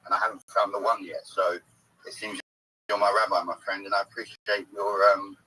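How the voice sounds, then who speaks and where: A man's voice: lowish voice, flat delivery, normal speed, bright, forceful tone, husky, recorded from a distance, rough recording. A man from England, speaking with an English accent, calls in and talks in a friendly, grateful, slightly hesitant way. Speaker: caller.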